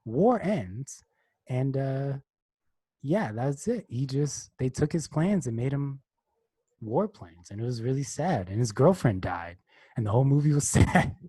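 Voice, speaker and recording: A man's voice: mid-range voice, warm tone, breathy edge, dry recording. A young man casually retelling a movie on a podcast, rambling and restarting his sentences. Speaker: podcast co-host. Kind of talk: casual chat.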